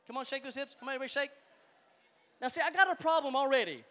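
A man's voice: extremely high pitch, rapid-fire, a bit bright, long reverb tail. A man leading a youth service, joking and hyping up the crowd in a playful, upbeat way. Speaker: youth pastor. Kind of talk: energetic crowd hype talk. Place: large hall with a live youth audience.

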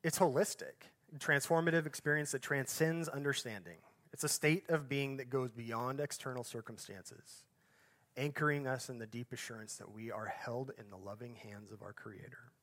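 Man preaching, phrases fading to a hush. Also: medium pitch, normal speed. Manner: phrases swell louder then drop off to a soft, hushed finish; conversational asides and self-corrections. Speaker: pastor. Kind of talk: sermon.

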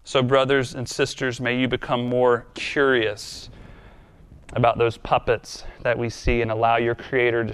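A man's voice: medium pitch, level tone, measured pace, fairly bright tone, smooth. Earnest conversational male pastor. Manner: earnest, conversational, self-deprecating. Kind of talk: sermon with closing prayer.

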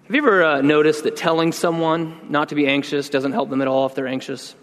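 A man preaching a sermon in an earnest, conversational way, slowing down to stress key words. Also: fairly high pitch, fairly even intonation. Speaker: pastor. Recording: long reverb in a large hall.

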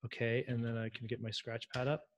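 A man who works as a software engineer, a podcast guest chatting in a friendly, rambling way. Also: mid-range voice, little pitch movement, a little fast. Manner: friendly, rambling, chuckles, talks through tasks. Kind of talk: casual chat.

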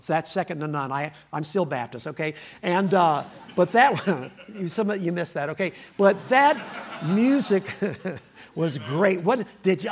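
Folksy gravelly preacher. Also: male voice, fairly high pitch. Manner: folksy, joking, laughing between lines. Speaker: guest preacher. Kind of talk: sermon with joking opening remarks.

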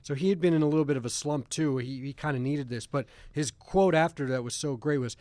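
A man hosting a studio podcast in a rambling, self-deprecating way. His voice sits a little high for a man. The room is dry and close. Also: brisk, few pauses, darkish tone, no room sound. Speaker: podcast host. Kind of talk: casual studio chat.

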